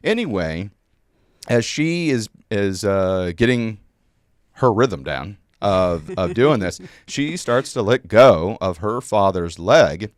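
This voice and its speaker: Middle-aged male guest, low smooth voice, rambling anecdotal delivery in a dry room. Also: expressive, takes it slowly, no echo. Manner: rambling with many fillers and restarts. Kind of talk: storytelling in a conversation.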